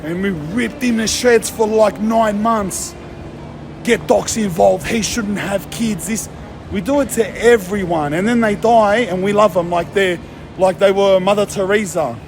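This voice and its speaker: Heated Australian man, high-pitched. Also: normal speed, vocal fry, over music. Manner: blunt, heated, mocking, swears often. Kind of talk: casual rant.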